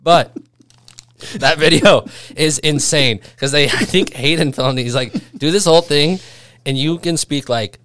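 A man's voice: on the high side, measured pace, fairly bright tone, no room sound. A man hosting a podcast, chatting casually, rambling with restarts and laughing often. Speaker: podcast host. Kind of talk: casual chat.

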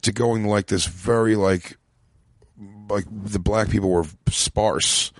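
Low-voiced Philly man telling stories. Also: steady tone, slow, gravelly, dry recording. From Philadelphia, USA. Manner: rambling storyteller, lots of "like" fillers. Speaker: comedian, podcast guest. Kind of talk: casual chat.

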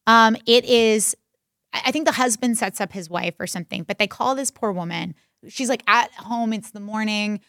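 A woman's voice: a little high, moderate pace, a bit bright, dry recording, studio quality. A woman co-hosting a podcast, chatting casually and telling stories with lots of "like" fillers. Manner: chatty, storytelling with many "like" fillers. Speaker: podcast co-host. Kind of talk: casual chat recapping a show.

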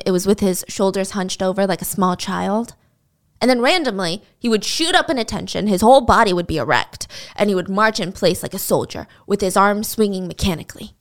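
A woman telling a true-crime story in a casual, dramatic way, at times dropping to a whisper. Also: mid-range voice.

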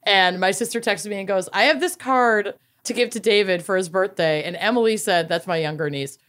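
A woman co-hosts a podcast in casual chat. She tells stories freely and laughs often, with a pitch in the middle of the range. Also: a little fast, fairly bright tone. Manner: chatty storyteller, laughs often. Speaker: podcast co-host.

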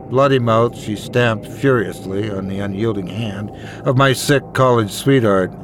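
A man narrating a first-person horror story in a measured, dramatic way. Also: medium pitch, fairly bright tone, a little hiss or hum.

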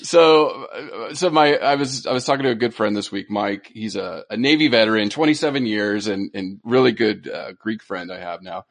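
A man hosting a casual animal podcast, jokey and teasing, telling stories with animated voices. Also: lowish voice, normal speed, vocal fry, hardly any pauses, no echo. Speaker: podcast host.

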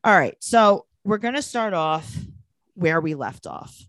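A woman from California co-hosting a chatty podcast, her voice pitched somewhat low. She talks loosely and laughs a lot. The sound is close and dry, with no room around it. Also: animated, a little slow, a bit bright, no room sound. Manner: chatty, laughing often, acts out quoted people. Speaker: podcast co-host. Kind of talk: casual chat.

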